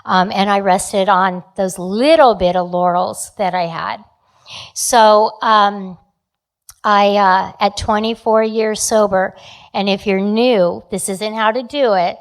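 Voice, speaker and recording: A woman in her fifties or sixties, from New Jersey, candidly telling her recovery story at a meeting, often pausing on fillers and restarting sentences. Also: medium pitch. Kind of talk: sharing a personal recovery story.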